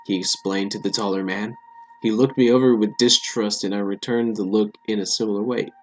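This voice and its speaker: A man's voice: lowish voice, steady tone, fairly quick. A man playing a text game, reading it aloud and talking back to the characters in jokes. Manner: joking, talks back to the characters. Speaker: let's play gamer.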